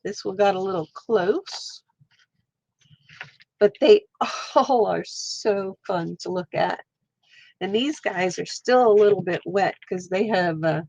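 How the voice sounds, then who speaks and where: A woman's voice: mid-range voice, slow pace, creaky, pauses often, a little mellow, no room sound. A woman hosting a casual watercolour livestream, stuffy-nosed, chatting with viewers while she paints. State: stuffy nose. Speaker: livestream host. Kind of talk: casual live art stream.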